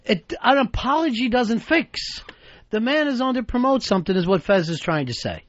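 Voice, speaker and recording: A man's voice: very high-pitched, animated, moderate pace, no echo, lo-fi sound. A man co-hosting a radio talk show, blunt, profane and sarcastic in casual banter. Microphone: studio microphone.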